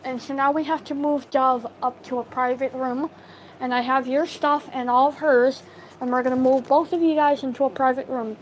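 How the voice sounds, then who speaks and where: A woman's voice: high voice, steady tone, normal speed, slight background noise, low-quality recording. A woman telling a personal story in a casual storytime, rambling and acting out what everyone said. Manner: rambling, acts out quoted dialogue; filler-heavy retelling, lots of "I'm like".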